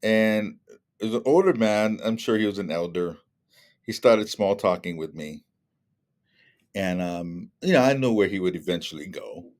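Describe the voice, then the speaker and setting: With a fairly low voice at a moderate pace, a middle-aged man appears as a guest speaker sharing stories casually. He brings them to life by performing others' dialogue in different voices.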